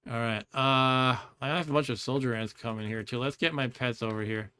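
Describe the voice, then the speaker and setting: A man's voice: mid-range voice, fairly even intonation, brisk, pushed and bright, clear, resonant tone. A man streaming a game with casual commentary, chatty and rambling, laughing often.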